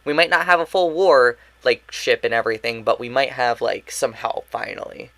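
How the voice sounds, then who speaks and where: A woman co-hosting a casual book club podcast, eagerly spinning theories and acting out quotes in a high squeal. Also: normal speed, a bit bright, no room sound. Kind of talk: casual chat.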